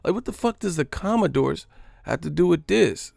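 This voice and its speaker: Gravelly, mocking man ranting live. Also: fairly high pitch, expressive, moderate pace, darkish tone, no echo. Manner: profane, mocking, repetitive. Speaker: host of a boxing live stream. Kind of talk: live-stream rant.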